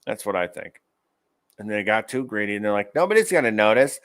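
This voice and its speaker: A man's voice: on the low side, steady tone, a little fast, fairly bright tone, smooth, no room sound. A man hosting an online commentary show, ranting angrily about news clips with profanity and sarcasm. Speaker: show host.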